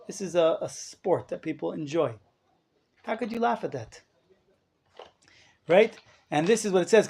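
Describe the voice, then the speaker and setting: Lecturing a live class in a study hall with listeners, a rabbi leans on emphasis and rhetorical questions, sprinkling in Hebrew terms. He has a high-pitched voice with a darkish tone.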